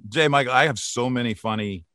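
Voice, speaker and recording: A man's voice: medium pitch, a little fast, bright, forceful tone, no room sound, clean studio sound. A man in his sixties, a voice actor, telling stories animatedly in a casual interview and laughing often. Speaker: voice actor guest.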